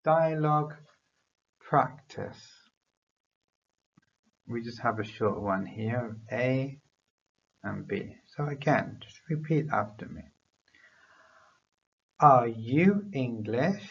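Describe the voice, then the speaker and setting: A male English teacher leads learners through beginner drills at an extremely slow, deliberate pace, pausing for them to repeat. His voice sits in a middle pitch. The recording sounds dull and lo-fi. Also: creaky, breathy edge.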